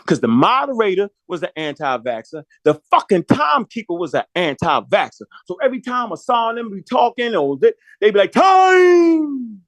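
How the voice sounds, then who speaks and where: A man's voice: sits high, very animated, brisk, hardly any pauses, a bit bright, dry recording. A man telling a long story in a profane, slangy way, acting out the quotes as he goes. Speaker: podcast talker. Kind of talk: animated storytelling monologue.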